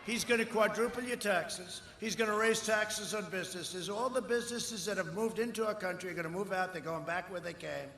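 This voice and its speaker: A man from the United States giving a campaign rally speech outdoors, boastful and repetitive, often breaking into shouts. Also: sits high, a little fast, hardly any pauses, slight background noise. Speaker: political speaker at a rally. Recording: echoey rally sound with long reverb and faint ambience.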